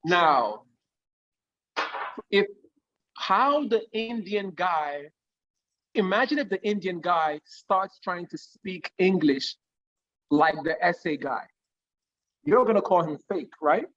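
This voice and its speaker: Animated man, dull lo-fi audio. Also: high voice, takes it slowly, pauses often, slight background noise. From Nigeria. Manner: animated, explains through analogies, keeps checking with "right?". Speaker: guest singer giving career advice. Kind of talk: conversational interview.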